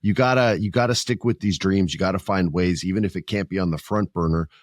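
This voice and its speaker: A man with a fairly low voice hosts a casual wrestling chat, joking and animated. His sound is dry and close, with no room around it. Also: quick pace, no room sound. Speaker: podcast host.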